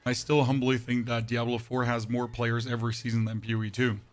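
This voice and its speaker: A man streaming a game live, chatting with his viewers in a hoarse, nearly lost voice and speaking in a very flat monotone, often ending thoughts with "right?". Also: mid-range voice, a little fast. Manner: talks to chat with frequent "right?". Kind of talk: casual live-stream chat while playing.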